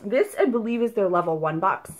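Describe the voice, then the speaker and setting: A woman's voice: mid-range voice, lively intonation, fairly quick. A young woman hosting a casual unboxing video, talking in a chatty, rambling way with lots of fillers. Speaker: unboxing vlogger.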